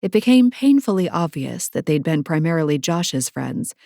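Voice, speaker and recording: A woman narrating a first-person romance audiobook in a measured, wry storytelling manner. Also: deep voice, sing-song, gravelly, dark tone, no echo, clean studio sound.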